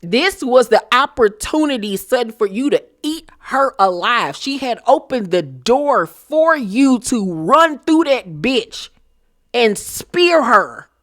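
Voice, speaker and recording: A woman's voice: a little high, big pitch swings, takes it slowly, a bit bright. Sassy, blunt woman vlogger ranting. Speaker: reality TV recap host. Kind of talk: casual commentary vlog.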